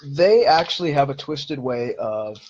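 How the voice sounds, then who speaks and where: A man's voice: mid-range voice, expressive, measured pace, a little mellow, muffled recording, slight background noise. A man hosting a live-streamed Q&A, answering viewer questions in an earnest, explanatory way.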